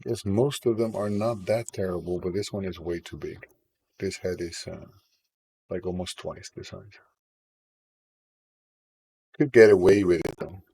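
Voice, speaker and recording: Male streamer, deep and husky from a sore throat, self-deprecating casual chat with viewers. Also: fairly even intonation, a little slow, pauses often, mellow, low-quality recording. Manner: self-deprecating, chats with viewers while drawing. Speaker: game developer streaming his work.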